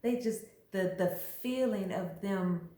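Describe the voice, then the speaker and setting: A woman's voice: medium pitch, takes it slowly, mellow. Chatty woman vlogger in an echoey room. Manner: chatty, emphatic, acts out little quoted voices. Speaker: astrology vlogger. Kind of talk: casual explanatory chat.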